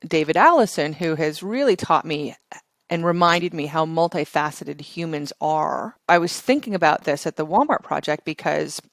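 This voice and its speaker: Middle-aged female founder, animated interviewee, dry close recording. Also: low-pitched, normal speed, no echo. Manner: energetic and chatty, with frequent laughter and restarts. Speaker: guest, tech company founder. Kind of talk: casual interview chat.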